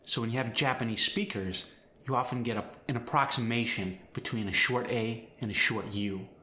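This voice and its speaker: A man coaching accents, explaining step by step in a clear, instructional way. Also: medium pitch, moderate pace, bright, forceful tone, reverberant. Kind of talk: instructional lesson.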